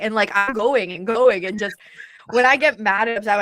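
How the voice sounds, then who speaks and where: A woman's voice: mid-range voice, brisk, a bit bright, no room sound. A woman in her thirties, a guest author, telling a personal story in a blunt, emphatic, candid way. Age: 30s.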